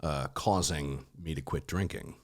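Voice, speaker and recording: A man's voice: extremely low pitch, unhurried. A man who is a podcast guest in a casual chat, laughing often and breaking into impressions.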